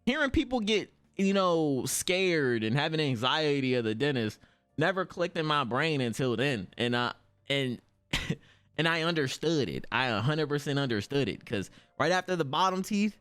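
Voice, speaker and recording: A man's voice: normal speed, clean tone. Young guy streaming, black slang, swears a lot, voice shoots way up on the quotes, some music faint behind him. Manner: animated, swears freely, slangy, acts out quotes with big pitch jumps. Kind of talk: casual storytelling to stream chat.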